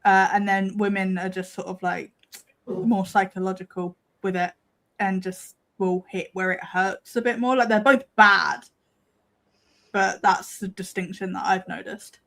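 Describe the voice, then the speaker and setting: A woman's voice: mid-range voice, fairly even intonation, measured pace, gravelly, a bit bright. A woman co-hosting a casual live-stream chat, explaining her views plainly and thoughtfully. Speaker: co-host.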